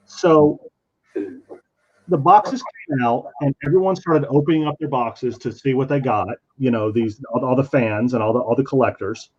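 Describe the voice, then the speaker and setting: A comic artist with a mid-range voice talks at normal speed while drawing, casually telling a convention story. He is animated and acts out the voices of the people involved, heard over dull lo-fi stream audio.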